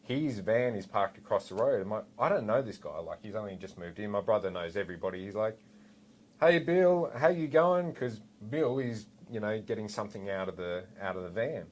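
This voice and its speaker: A man in his forties with an Australian accent, a former police officer telling a story in a relaxed, animated way with lots of asides. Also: lowish voice, fast talker, few pauses. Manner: animated, rambling with fillers and asides. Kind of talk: casual storytelling anecdote.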